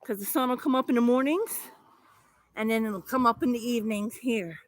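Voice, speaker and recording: A woman vlogging casually outdoors in her garden, rambling excitedly and swearing freely. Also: a little high, brisk. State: a little out of breath.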